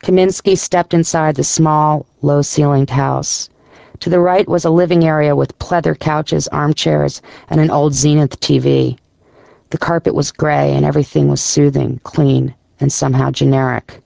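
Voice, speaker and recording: Gravelly male audiobook narrator. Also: on the high side, steady tone, moderate pace, a little mellow, no echo.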